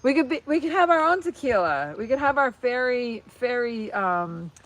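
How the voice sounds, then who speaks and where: A woman's voice: fairly high pitch, sing-song, normal speed, no echo. A woman on a casual livestream, rambling and playful as she talks to her viewers on her phone. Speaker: vlogger. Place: outdoors at a horse barn. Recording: loud background noise outdoors.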